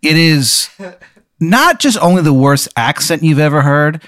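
A young man hosting a comedy podcast, telling an improvised absurd story with deadpan delivery. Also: fairly high pitch, measured pace, no room sound. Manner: deadpan, building absurd scenarios.

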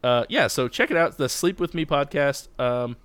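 A man's voice: fairly high pitch, animated, normal speed, fairly bright tone, no room sound. A man in his thirties, a podcast co-host chatting casually, rambling and self-deprecating with frequent laughs. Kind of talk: casual chat.

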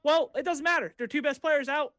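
A young man with a strikingly high, bright voice grumbles in playful mock outrage about sports. The recording is close and dry. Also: fairly quick, no echo. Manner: playfully exasperated, mock-complaining. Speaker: podcast co-host. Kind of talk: casual sports chat.

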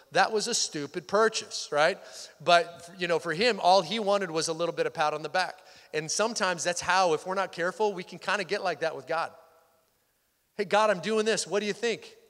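In a church sanctuary, a male pastor with a somewhat high, slightly bright voice delivers a Sunday sermon conversationally. He sinks to almost a whisper for the more intimate points, and the hall adds reverb.

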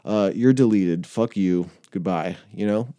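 Profane rambling young man, dark low voice. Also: measured pace, no echo, studio quality. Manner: profane, rambling, laughing often. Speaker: person in addiction recovery. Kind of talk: casual ranting monologue.

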